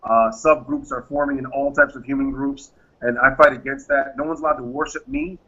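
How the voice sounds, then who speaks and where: A man's voice: mid-range voice, lively intonation, brisk, vocal fry, pushed and bright, breathy edge. A man who founded a private security firm, answering interview questions in an emphatic way and acting out the exchanges he describes. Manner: emphatic, acts out quoted exchanges. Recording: dull lo-fi audio.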